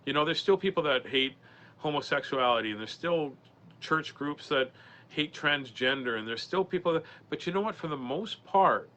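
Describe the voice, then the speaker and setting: A man in his forties, a comedian guest on a podcast, telling a personal story in an earnest, halting way with many restarts. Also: fairly high pitch, expressive, bright, forceful tone. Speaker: podcast guest, comedian and mental health speaker. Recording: dull lo-fi sound with faint noise.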